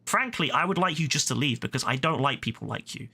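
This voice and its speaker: A British man on a gaming livestream, ranting heatedly at someone in his chat. He swears a lot and keeps repeating himself, and his voice is bright and forceful. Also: medium pitch, expressive, quick pace, creaky, slightly rough. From Britain. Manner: heated, profane and repetitive. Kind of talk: angry rant at a chat viewer.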